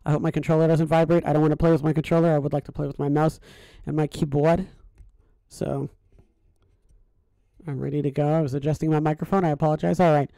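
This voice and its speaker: A man's voice: fairly high pitch, level tone, fast, vocal fry, warm tone, no echo. A young man casually commenting on a game stream, rambling and thinking aloud with lots of fillers and restarts, fretting about his audio settings. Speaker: gaming streamer.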